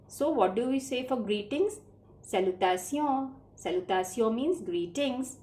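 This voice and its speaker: A woman's voice: on the high side, animated, measured pace, darkish tone. Patient woman teaching children French. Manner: patient, repetitive, spells words letter by letter. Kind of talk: classroom lesson explaining spelling.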